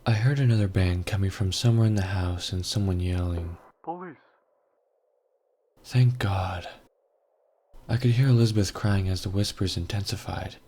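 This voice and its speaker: A man reading a scripted horror story aloud in a measured, grave first-person telling. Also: deep voice, mellow, slightly rough. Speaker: story narrator.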